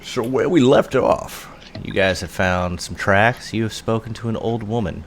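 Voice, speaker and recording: A man's voice: on the low side, unhurried, slight background noise. A man as game master, chatting casually and laughing easily while running a tabletop session from home. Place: home room.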